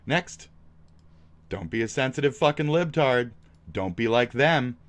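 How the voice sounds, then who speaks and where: A man streaming reactions, combative and sarcastic, swearing and swinging from shouts to mutters. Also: mid-range voice, lively intonation, a little slow. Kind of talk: profane reaction stream commentary.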